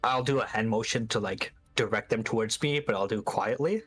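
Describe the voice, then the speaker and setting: A man's voice: fairly low pitch, a little fast, fairly bright tone, faint music behind. A man playing a tabletop game, talking casually about his moves and often restarting his sentences. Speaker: player.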